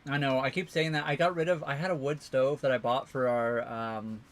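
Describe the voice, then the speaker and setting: A man's voice: mid-range voice, steady tone, brisk. A man co-hosting a casual livestream, rambling through answers to viewer questions. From Canada. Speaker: livestream co-host.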